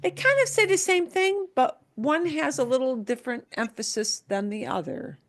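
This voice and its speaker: A Spanish teacher gives a class lesson in a high voice with lively intonation at a moderate pace. She explains patiently, using examples and checking in with students often.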